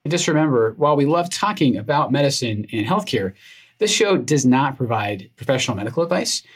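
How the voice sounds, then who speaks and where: A man with a Scottish accent co-hosting a medical podcast, speaking in a measured, thoughtful way. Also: medium pitch, lively intonation, slightly rough. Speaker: podcast co-host, doctor. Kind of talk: casual podcast chat.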